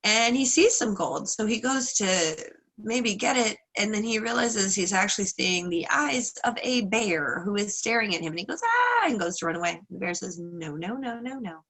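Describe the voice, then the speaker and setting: Casting: woman class leader, chatty storyteller, mid-pitched. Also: moderate pace. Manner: lively, chatty, with fillers and asides. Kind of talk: casual storytelling lesson.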